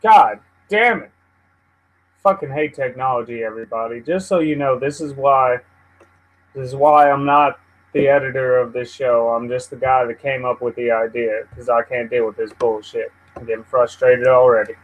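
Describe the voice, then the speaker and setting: This livestream host is a man running an informal news broadcast, wandering from topic to topic and swearing at his computer in frustration. He speaks in a mid-range voice at a moderate pace with fairly even intonation. The recording quality is low.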